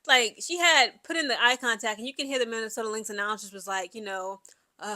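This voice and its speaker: A young woman with a fairly high voice talks fast in a recording with no echo. She gives casual, animated sports commentary and reads an article aloud, filling her chatter with lots of "like" and "you know."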